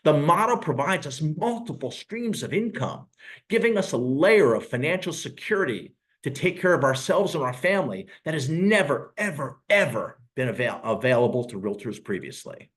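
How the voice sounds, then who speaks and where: A real estate recruiter in his sixties gives a sales presentation on a live call, earnestly telling his story with emotional pauses. His voice is medium in pitch and fairly bright, with big swings in pitch.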